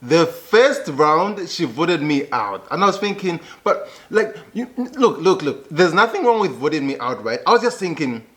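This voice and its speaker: A man's voice: a little high, big pitch swings, moderate pace, few pauses, fairly bright tone, a little hiss or hum. A young man with a thick Zambian accent, talking animatedly as a YouTube host reacting to a clip and checking in with the listener. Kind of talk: casual reaction commentary.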